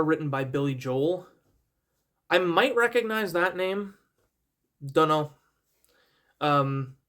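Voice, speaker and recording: A young man casually reviewing an album, rambling and self-deprecating, with many fillers and restarts and repeated praise. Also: on the high side. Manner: enthusiastic, repeats praise words.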